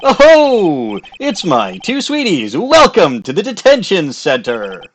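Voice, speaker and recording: Man doing a flamboyant young showman voice: high, theatrical, gushing, words stretched out. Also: wildly swooping pitch, slow pace, slight background noise, exaggerated voice. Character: flamboyant young male showman, hyper and camp.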